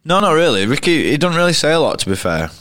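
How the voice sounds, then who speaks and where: A man's voice: on the high side, very animated, fast, a bit bright, no echo, studio quality. A man with a Yorkshire accent, a cricketer as interview guest, telling rambling, blunt stories full of restarts. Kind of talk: casual interview storytelling. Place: pub.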